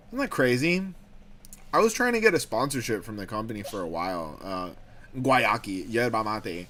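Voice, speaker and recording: A man's voice: medium pitch, expressive, normal speed, a bit bright. A man hosting a livestream and chatting casually, ranting animatedly and swearing freely. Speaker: livestream host. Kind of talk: casual stream chat. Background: music.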